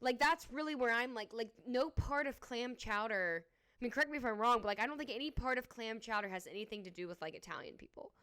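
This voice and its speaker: A woman's voice: fairly high pitch, fast, a bit bright, clear, resonant tone. A young woman co-hosting a podcast, chatting casually and reacting with strong opinions. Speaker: podcast co-host. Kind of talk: casual chat.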